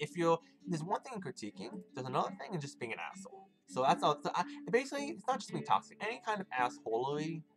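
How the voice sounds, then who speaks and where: Brief: male gaming streamer, lively pitch, rambling casual chat, music playing behind. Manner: chatty, rambling, swears casually, answers chat. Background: game music.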